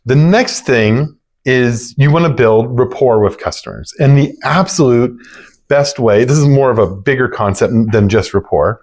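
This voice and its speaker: Male business owner, easygoing teaching voice, average pitch, plain chatty sales talk. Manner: relaxed, conversational, demonstrates upbeat phone greetings. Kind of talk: casual instructional talk.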